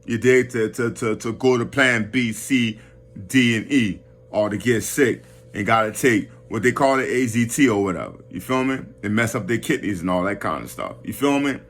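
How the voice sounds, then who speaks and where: A man's voice: on the low side, lively intonation, normal speed, fairly bright tone, soft background music. A man giving a casual, slang-heavy boxing commentary rant, talking animatedly and restarting his phrases often.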